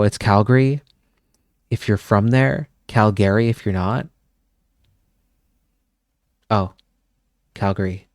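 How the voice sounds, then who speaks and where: A Canadian man chats casually with his stream viewers, rambling, swearing often, and chuckling. His voice is lowish and a little mellow, recorded in studio quality with no echo.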